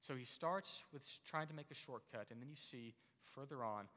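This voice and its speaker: A man's voice: medium pitch, normal speed, sharp tone. A man preaching a sermon as pastor, talking conversationally with frequent restarts. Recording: long hall reverb.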